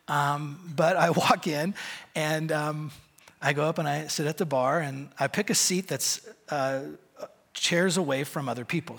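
A middle-aged man preaching through a personal story, with many fillers and dry self-mockery. His voice is gravelly and husky, pitched a touch high for a man. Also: fairly bright tone. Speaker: pastor. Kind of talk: sermon storytelling.

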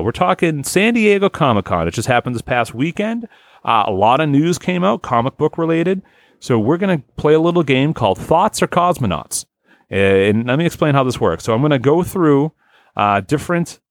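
A man's voice: mid-range voice, no room sound, clean studio sound. Rambling, loose-talking male podcast host. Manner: loose and rambling, swears freely, many fillers. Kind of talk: casual chat.

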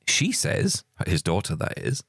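A man's voice: deep voice, huge pitch swings, a little slow, vocal fry, a bit bright, husky, no room sound, clean studio sound. A middle-aged Scottish man co-hosting a podcast, chatty and self-mocking, often laughing. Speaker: podcast co-host. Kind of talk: casual chat.

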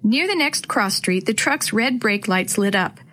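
A woman hosts a read-aloud of a chapter book for children, telling the story clearly and expressively. Her mid-range voice moves a little slowly.

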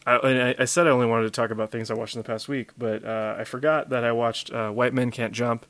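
A man from Louisiana with a mild accent, co-hosting a podcast in a relaxed, rambling chat full of fillers. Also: mid-range voice, quick pace, no room sound. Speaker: podcast co-host. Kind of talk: casual chat.

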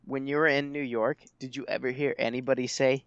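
Man, mid pitch, jokey podcast banter, playful. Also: flat delivery, brisk, vocal fry, muffled recording. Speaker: podcast co-host. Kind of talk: casual chat.

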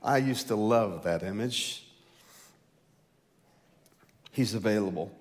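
A male pastor preaching a sermon, rising loud and high to stress a point, then dropping low and slow. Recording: long hall reverb.

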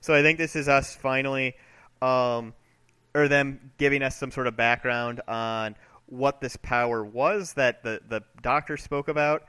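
A man co-hosting a comic-book podcast, chatty and quick to laugh at his own jokes. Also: medium pitch, fairly even intonation, bright, forceful tone, smooth. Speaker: podcast co-host.

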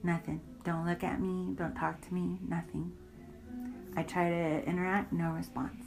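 A woman's voice: fairly low pitch, flat delivery, unhurried, vocal fry, over music, poor audio. A woman in an interview, bluntly recounting a personal story with heavy profanity and indignant emphasis.

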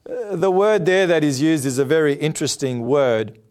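A man's voice: a little high, expressive, normal speed, a little mellow, smooth. A man preaches with an earnest, emphatic delivery, often asking rhetorical questions. His voice sits a bit above the usual male range. The sermon has a studio broadcast feel. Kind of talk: televised sermon.

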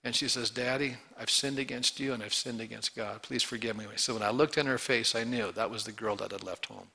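A middle-aged man preaching a sermon with a gravelly, bright edge to his voice. He throws questions at the congregation and swings between loud emphatic calls and quiet, hushed storytelling. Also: medium pitch, steady tone, brisk. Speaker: pastor.

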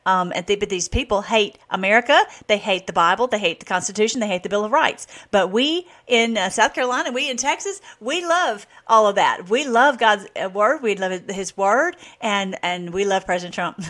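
A woman hosting an online show, chatting excitedly between clips, laughing often and going much higher when worked up. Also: moderate pace. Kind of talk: casual commentary over played clips.

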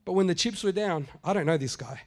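High-voiced man preaching a sermon. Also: expressive, a little fast, darkish tone. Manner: conversational preaching, repeats phrases for emphasis, acts out quotes. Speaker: pastor.

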